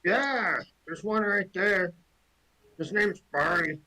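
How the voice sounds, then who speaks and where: A man's voice: high voice, bright, forceful tone, pitched above the performer's own voice, heavily acted, rough recording. A man doing a dim, fretful cart horse. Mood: dazed. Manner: slow, fretful, whiny complaining. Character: dim-witted nervous male cart horse.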